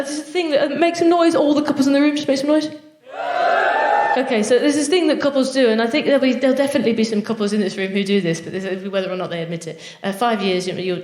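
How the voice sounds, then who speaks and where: A woman performing a chatty, cheeky stand-up set with crowd work at a live venue. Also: fairly high pitch. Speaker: stand-up comedian. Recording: roomy live hall sound.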